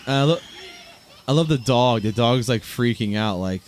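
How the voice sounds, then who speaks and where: A man's voice: medium pitch, lively intonation, moderate pace, a little hiss or hum. A man in his thirties hosting a solo podcast, chatting casually in a rambling, amused way with frequent restarts. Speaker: podcast host. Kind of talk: solo casual podcast chat reacting to videos.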